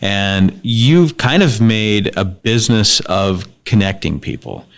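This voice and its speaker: Male host, deep low voice, deliberate questioner. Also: lively intonation, creaky. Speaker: podcast host. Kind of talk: casual interview questions.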